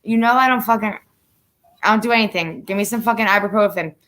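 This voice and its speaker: A woman's voice: mid-range voice, fast, a bit bright. A woman from Florida hosting a casual chat, talking bluntly and swearing a lot. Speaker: host.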